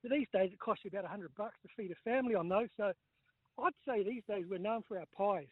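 A high-pitched man with a New Zealand accent calls in from outdoors on his mobile. He talks in a quick, blokey, chatty way, and his voice comes through a thin, tinny phone line with no room around it. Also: breathy edge, no room sound. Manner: chatty, blokey, says mate a lot. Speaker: caller. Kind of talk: casual phone-in chat. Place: outdoors on a golf course.

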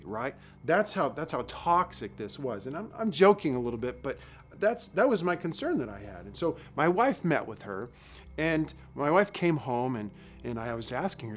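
A middle-aged man preaching a sermon in a relaxed, conversational way, telling stories with asides and repeated phrases. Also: mid-range voice, normal speed. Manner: conversational, storytelling with asides and repetitions. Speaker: lay preacher.

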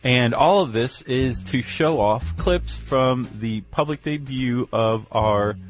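A man's voice: medium pitch, takes it slowly. A man co-hosting a podcast, chatting casually and laughing easily. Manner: relaxed, conversational, laughs easily. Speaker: podcast co-host.

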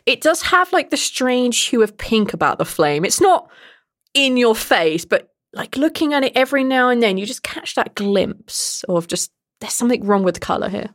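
A woman's voice: a little high, very animated, normal speed, fairly bright tone, dry recording, clean studio sound. A woman, narrating and running a tabletop game, descriptive and playful, with frequent laughs. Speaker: game master.

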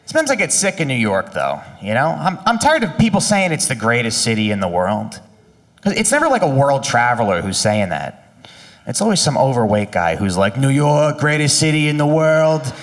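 A man doing a stand-up comedy set, telling deadpan one-liners and slipping into mock voices. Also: mid-range voice, fairly quick, recorded from a distance. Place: comedy club stage.

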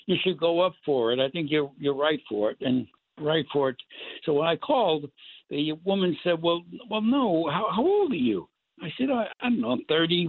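An older man telling rambling, animated stories as a guest actor, with many restarts. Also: on the high side. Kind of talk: casual storytelling interview. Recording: tinny phone line, dry.

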